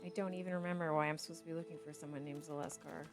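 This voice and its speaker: A middle-aged woman streaming a video game, chatting excitably and swearing freely as she plays. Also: deep voice, rapid-fire, over loud music. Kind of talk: casual game-streaming commentary.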